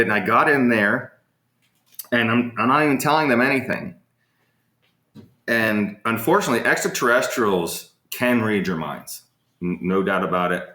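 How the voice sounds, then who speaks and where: A man's voice: on the low side, sharp tone. A man hosting a casual live Q&A, telling rambling stories full of fillers and answering viewers' questions. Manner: rambling, anecdotal, frequent fillers. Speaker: host of a live Q&A. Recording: echoey room.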